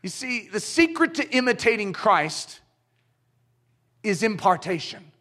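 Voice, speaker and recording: Male preacher, high and sharp-toned, very expressive delivery, acts out scenes mid-sermon. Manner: animated, acts out dialogue and illustrations.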